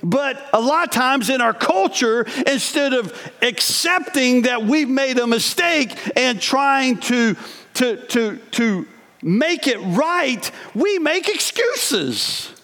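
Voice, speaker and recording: A man's voice: very high-pitched, expressive, takes it slowly, a bit bright. A man preaching a sermon, reading scripture aloud and breaking into earnest, conversational asides. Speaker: pastor. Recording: long hall reverb.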